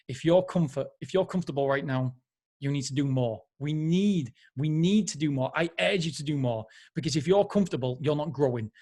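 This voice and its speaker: A man's voice: on the high side, a little fast, a little mellow. A man hosting a podcast who reviews a book in a casual, enthusiastic way, often rambling and correcting himself. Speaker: podcast host.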